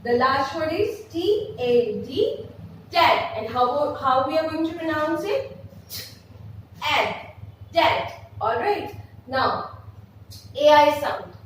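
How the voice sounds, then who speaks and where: A woman's voice: high voice, animated, takes it slowly, a little hiss or hum. A woman teaching an online phonics lesson in Indian English, spelling words letter by letter and repeating each one with emphasis. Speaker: pre-primary teacher. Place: classroom with a blackboard. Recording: echoey room, voice from a distance.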